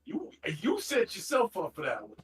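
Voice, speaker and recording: A man's voice: high voice, huge pitch swings, moderate pace, a bit bright. Profane, teasing gamer man. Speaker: streamer. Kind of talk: casual gaming chat with friends.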